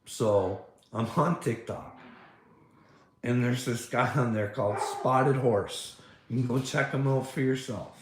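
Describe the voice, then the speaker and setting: A man's voice: mid-range voice, takes it slowly, roomy sound, slight background noise. A man talking casually in a rambling, profane rant, with frequent laughter and many fillers. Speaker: podcast host.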